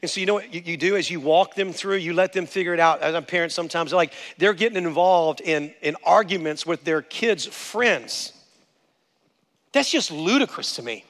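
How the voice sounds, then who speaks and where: A man's voice: fairly high pitch, moderate pace, a bit bright. A male pastor preaching a sermon with passion, calling out to the congregation for amens. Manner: impassioned preaching, calls for amen. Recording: long hall reverb.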